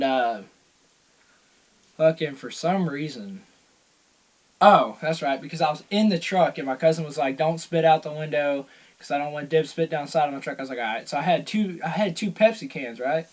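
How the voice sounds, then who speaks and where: A young man telling a rambling story in a casual vlog, swearing constantly and acting out loud quotes. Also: a little high, a little fast. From Georgia, US. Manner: profane, rambling, heavy swearing. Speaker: vlogger.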